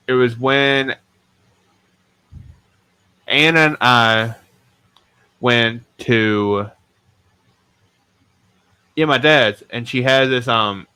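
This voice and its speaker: A man's voice: mid-range voice, sharp tone, clean tone. A man hosting a podcast, telling stories in a casual, rambling, self-mocking way and swearing freely. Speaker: podcast host.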